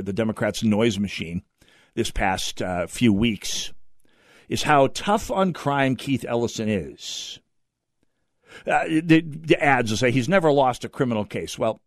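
A man's voice: mid-range voice, no room sound, clean studio sound. Sardonic male talk radio host. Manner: sardonic, wordy, many fillers and restarts. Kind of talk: opinionated talk radio commentary.

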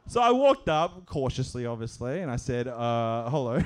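A man telling a comic story at a live show, animated and often laughing as he acts out other voices. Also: mid-range voice, normal speed, a little hiss or hum.

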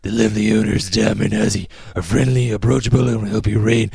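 A man's voice: on the low side, flat delivery, quick pace, vocal fry, darkish tone, breathy edge, no room sound, clean studio sound. A man co-hosting a podcast, joking and laughing between a casual ad read. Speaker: podcast co-host.

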